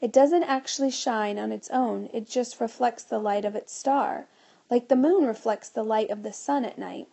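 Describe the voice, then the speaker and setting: A woman's voice: on the high side, normal speed, creaky, warm tone. A woman voicing a stern adult scientist who explains and lectures in a storybook reading. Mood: lecturing.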